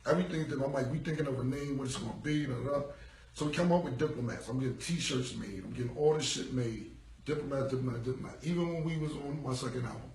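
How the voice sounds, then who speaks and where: Streaming from his phone in a room, this rapper talks fast in a medium-pitched, slightly mellow voice over a faint hiss or hum. He spins a long tale from his past in casual, profane street slang, voicing the other people in it. The audio comes through echoey, picked up from a distance.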